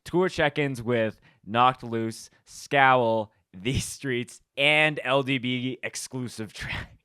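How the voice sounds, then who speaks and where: A male podcast host with a bright, crisp, smooth voice, talking in a relaxed way full of fillers. The sound is dry and close. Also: medium pitch, slow, dry recording. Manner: relaxed, casual, filler-heavy. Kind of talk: casual chat.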